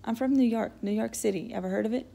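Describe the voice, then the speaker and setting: A woman's voice: fairly high pitch, fast talker, creaky, dark tone, breathy edge, exaggerated voice. A woman voicing a sullen, defiant fifteen-year-old boy who answers curtly and sarcastically. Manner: curt, snappish, sarcastic.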